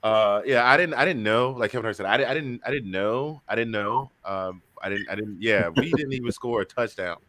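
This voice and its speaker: A man's voice: medium pitch, a little fast, hardly any pauses, pushed and bright. A man hosting a casual sports talk show, chatty and joking, often repeating himself. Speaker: show host.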